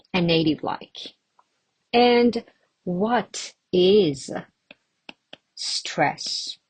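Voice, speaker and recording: A woman's voice: lowish voice, slightly rough. A woman teaching English pronunciation to camera, patiently asking the viewers questions and answering them herself.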